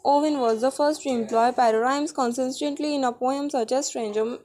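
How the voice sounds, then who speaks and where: Woman, Indian English accent, slightly high voice, halting textbook read-aloud with stumbles. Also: steady tone, darkish tone, a little hiss or hum. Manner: halting reading with restarts and stumbles. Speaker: student reader.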